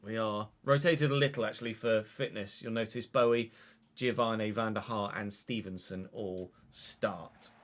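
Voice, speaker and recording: A young man giving live commentary over a football video game, calm at times, then swearing and shouting at the game in frustration. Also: lowish voice, normal speed, slight background noise. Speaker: gaming streamer.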